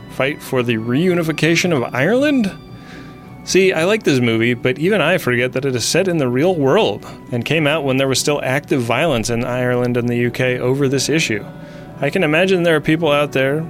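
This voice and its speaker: A man hosting a podcast, talking in a wry, self-deprecating way. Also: medium pitch. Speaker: podcast host. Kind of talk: casual podcast chat.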